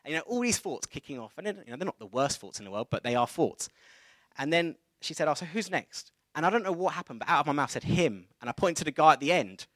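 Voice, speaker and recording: A man in his thirties preaching a sermon, telling a personal story in a conversational, animated way. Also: a little high, fast, no room sound. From England.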